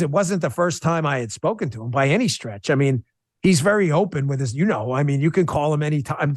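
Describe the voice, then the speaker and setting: High-voiced man telling an emotional story. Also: no echo, studio quality. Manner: emotional, animated storytelling with restarts; blunt and combative. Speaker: guest. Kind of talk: podcast interview.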